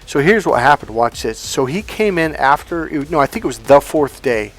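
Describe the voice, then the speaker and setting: A man's voice: a little high, expressive, moderate pace, a bit bright. A man working as a dating coach, talking through ideas and a client story in an emphatic, swearing manner.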